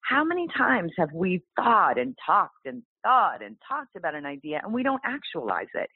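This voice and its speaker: A woman guest telling her story in an interview, animated and exclaiming. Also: on the low side, moderate pace, breathy edge, no echo. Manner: animated, exclaiming, acts out quoted voices. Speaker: guest author. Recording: tinny phone-like line.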